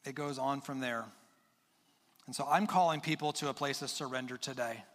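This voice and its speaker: A man preaching a sermon as pastor, earnest and urging, stressing his points with pauses and repeated words. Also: mid-range voice, steady tone, a bit bright, in a large hall. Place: church sanctuary with long reverb.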